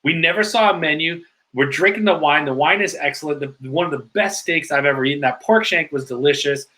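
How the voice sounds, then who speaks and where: A man telling stories in a casual podcast interview, in an animated way with lots of filler likes. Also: a little high, fairly quick, poor audio. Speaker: guest.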